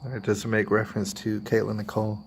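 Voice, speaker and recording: Man, low gravelly voice, rambling personal vlog, confiding tone. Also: completely flat delivery, fast, slight background noise. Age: adult, has a daughter. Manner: rambling, confiding, quotes others in put-on voices. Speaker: vlogger. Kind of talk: personal talk to camera.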